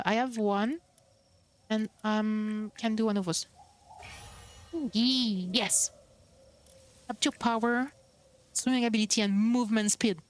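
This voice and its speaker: A woman's voice: on the high side, clean tone, no room sound. A young woman streamer chatting casually while playing, bubbly and cooing over cute creatures. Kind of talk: casual gameplay commentary.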